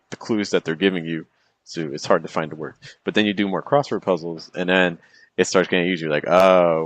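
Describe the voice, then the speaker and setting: Low-voiced man teaching poetry casually. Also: no echo. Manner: chatty, checks in with "okay" and "right"; taps out rhythm with "da da" syllables. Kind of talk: casual explanatory lesson.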